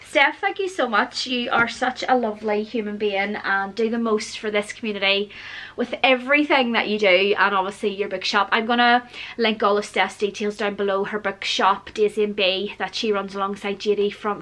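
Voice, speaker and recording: A woman, gushing excitedly through a casual gift unboxing vlog as a book vlogger. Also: mid-range voice, a little hiss or hum. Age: 40s. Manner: gushing and excitable, frequent gasps and squeals.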